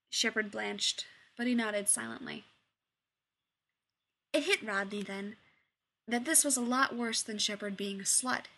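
Brief: woman storyteller, a bit high-pitched, expressive reading. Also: a little slow, vocal fry, pauses often. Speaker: story reader. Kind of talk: reading fiction aloud.

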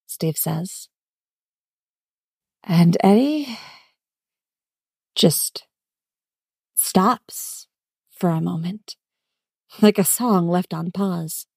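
Woman reading fanfic out loud, gentle smiley voice, kinda gravelly, dry sound. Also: fairly low pitch, drawn-out words, long pauses, no echo. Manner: gentle, warm storytelling with a smile in the voice. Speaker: fan fiction reader. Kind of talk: audiobook-style story narration.

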